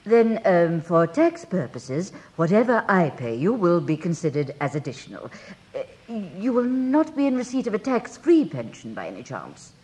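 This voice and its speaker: A woman's voice: on the low side, big pitch swings, normal speed, a little mellow. Genteel country lady employer. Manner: polite, genteel, hesitant with ums. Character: refined well-off Cheshire lady employer. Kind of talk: radio drama acting.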